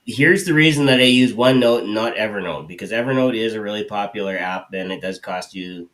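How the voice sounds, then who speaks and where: A man's voice: on the low side, brisk, a bit bright. A man co-hosting a live show, explaining things in a rambling way with many fillers. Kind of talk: casual explanation.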